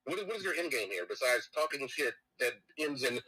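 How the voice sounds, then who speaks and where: A man's voice: medium pitch, big pitch swings, a little fast, crowd noise, low-quality recording. A man in his forties calling in to argue with a host, combative and profane, talking over him. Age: 40s. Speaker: caller. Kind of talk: heated live call-in argument.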